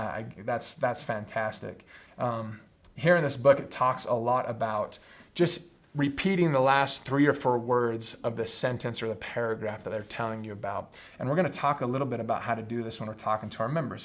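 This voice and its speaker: A man's voice: mid-range voice, moderate pace, fairly bright tone. A young adult man hosting a live leadership training talk, explaining ideas earnestly and often checking in with "right?". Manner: earnest teaching tone, frequent "right?" tag questions.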